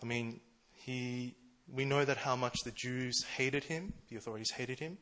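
A man preaching a casual, conversational sermon, chatty and quick to laugh at himself. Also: mid-range voice, fairly even intonation, sharp tone. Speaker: preacher, church treasurer.

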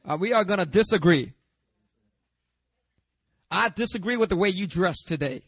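A pastor preaching a sermon in a lively, conversational way, with self-deprecating humor and chatty asides. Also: male voice, sits high, normal speed, slightly rough, no echo, studio quality.

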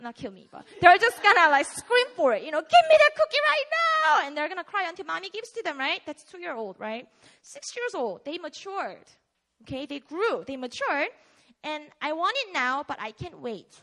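A young woman in her twenties preaches in a relaxed, conversational way, with a high voice that swings widely in pitch. Her tone is bright and forceful. She keeps drawing the listeners in with questions. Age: 20s. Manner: animated, chatty, asks the audience questions. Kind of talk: casual sermon.

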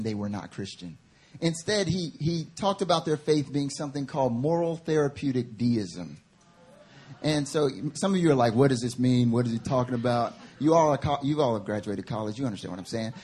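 Male preacher, high husky voice, fervent sermon delivery that swells into passionate appeals. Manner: builds from quiet teaching to fervent, rising preaching. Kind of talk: sermon at a prayer meeting.

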